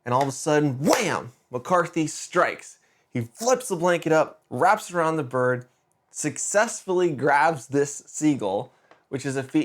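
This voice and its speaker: Middle-aged man telling a casual story. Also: fairly high pitch. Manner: conversational, with quick restarts and lively emphasis. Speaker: podcast host.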